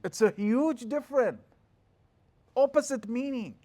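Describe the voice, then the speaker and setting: A middle-aged man giving a classroom lecture as a religious teacher, explaining lively and breaking into quick chanted scripture passages. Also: on the high side.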